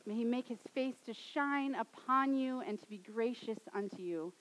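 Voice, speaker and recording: A woman in her thirties delivers a sermon in a high, bright-pitched voice. She builds to loud, dramatic peaks, then drops to soft, hushed closes. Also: moderate pace, rough recording. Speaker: pastor.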